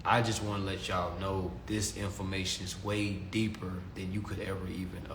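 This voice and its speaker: A man's voice: sits low, little pitch movement, normal speed, noisy background. A young man teaching consumer law in a casual, preachy talk to his followers, repeating himself and calling them family. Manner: preachy, repetitive, calls listeners family. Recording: echoey room with faint ambience.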